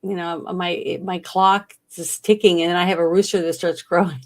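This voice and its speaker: Southern woman co-host, low gravelly voice, easygoing and chatty with lots of laughs. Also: little pitch movement, normal speed. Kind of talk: casual chat.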